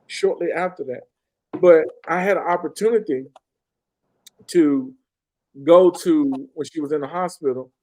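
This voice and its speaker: Earnest man with a dark voice. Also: mid-range voice, rough recording. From Arkansas. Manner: earnest, repeats phrases for emphasis. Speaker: podcast guest. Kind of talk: personal storytelling.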